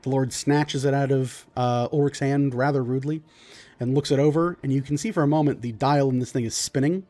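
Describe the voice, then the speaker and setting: A man narrating a tabletop role-play game as game master, in a relaxed, loose way. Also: medium pitch, a little fast.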